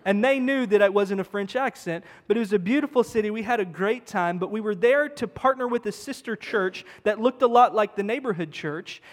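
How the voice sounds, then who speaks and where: A man's voice: sits high, brisk, hardly any pauses. A man preaching a sermon as pastor, emphatic and conversational, repeating words for stress. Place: church sanctuary. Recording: long church-hall reverb.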